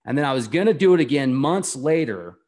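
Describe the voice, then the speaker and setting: A man appearing as an interview guest recounts his story in a brisk, conversational way, his ordinary-pitched voice darkish in tone with lively intonation. Earnest and enthusiastic, he wanders from point to point.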